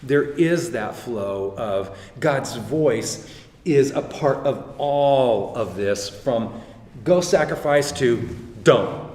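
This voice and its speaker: A man's voice: medium pitch, animated, takes it slowly, darkish tone. A middle-aged man speaking earnestly at a church gathering, telling a story and quoting others as he goes. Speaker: guest speaker. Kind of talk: conversational church talk. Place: church hall. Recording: echoey hall with long reverb, faint ambience.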